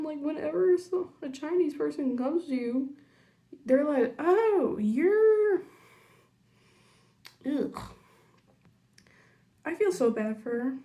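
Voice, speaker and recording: A young woman chatting casually through a makeup tutorial, rambling into side stories and muttering quietly while she works. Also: high-pitched. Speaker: makeup vlogger.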